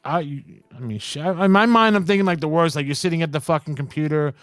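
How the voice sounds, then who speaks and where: A man hosting a podcast, chatting casually and reacting with excited swearing. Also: on the high side, fast, dry recording, soft background music. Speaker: podcast host. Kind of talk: casual chat.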